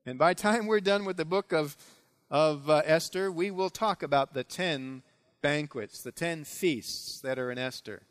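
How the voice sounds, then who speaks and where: A man preaching a sermon, retelling a biblical story with dramatic, animated delivery. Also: fairly high pitch, measured pace, clear, resonant tone. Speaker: pastor.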